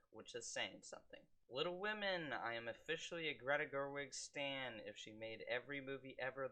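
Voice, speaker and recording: Bright-voiced young man, wry film vlogger. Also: medium pitch. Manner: quick wry asides, deadpan jokes. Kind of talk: casual film review monologue.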